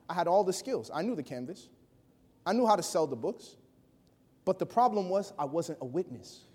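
A man preaching a sermon, telling a personal story with animated delivery that swings between hushed and loud. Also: sits high, moderate pace, husky. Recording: long hall reverb.

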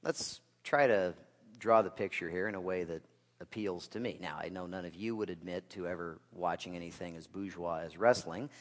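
A male pastor delivering a sermon, with rhetorical questions and dry asides, swinging from loud to hushed. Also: deep voice, normal speed. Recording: long reverb of a large hall.

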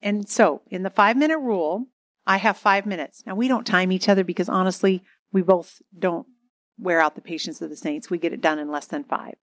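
Woman telling a lively marriage story. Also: fairly low pitch, brisk, no echo, studio quality. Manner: animated, dramatic storytelling with laughs. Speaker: marriage seminar speaker. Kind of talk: storytelling talk to an audience.

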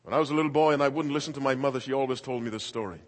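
A man's voice: mid-range voice, rapid-fire, big-room sound. A man preaching a sermon in an emphatic, dramatic way, acting out quoted voices.

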